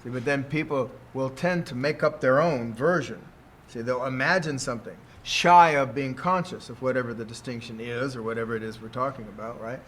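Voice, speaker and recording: Older male teacher, relaxed rambling delivery, constant "see?" check-ins. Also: mid-range voice, a little fast, hardly any pauses, slight background noise. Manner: rambling, keeps asking "see?", chuckles often. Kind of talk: casual teaching talk.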